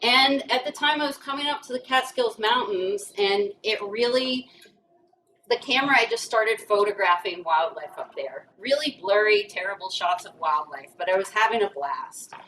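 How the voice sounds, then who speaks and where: A woman's voice: mid-range voice, lively intonation, moderate pace, fairly bright tone. A woman from rural Kentucky giving a humorous talk to an audience, telling stories in a self-deprecating way. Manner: joking, self-deprecating storytelling. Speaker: guest speaker. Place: brewery event room, indoors. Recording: distant mic with faint noise.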